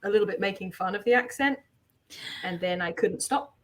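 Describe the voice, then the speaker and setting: A woman's voice: medium pitch, fairly quick, a crowd in the background. A woman from southeast England with a Kentish accent, chatting casually, her sentences often rising at the end. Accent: Kentish English. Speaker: artist co-host. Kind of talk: casual chat.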